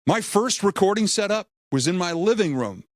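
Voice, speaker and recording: A middle-aged man giving a humorous, energetic motivational talk, acting out quotes as he tells stories. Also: sits high, moderate pace, no room sound, clean studio sound. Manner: energetic, animated storytelling with acted-out quotes; humorous, self-deprecating. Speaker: motivational speaker.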